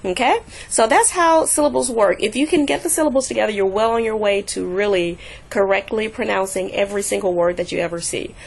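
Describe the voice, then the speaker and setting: A woman teaching a recorded language lesson, patiently repeating example words slowly to show the stress. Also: medium pitch, creaky. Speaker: Spanish teacher.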